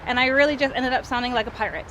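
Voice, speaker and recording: Higher-voiced woman chatting outdoors. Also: steady tone, racing, pushed and bright, muffled recording. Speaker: vlog co-host. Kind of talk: casual chat. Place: outdoors in a cemetery by a busy road. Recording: outdoor street noise, passing traffic. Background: faint cars and trucks.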